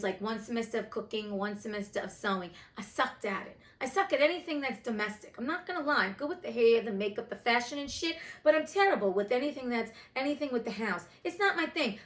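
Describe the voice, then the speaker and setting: A woman from New Jersey, her voice a little high and a bit bright, reads a classic book aloud in a casual storytime style. She's an audiobook reader and commentator who keeps breaking off for sassy, blunt remarks, swearing casually as she goes.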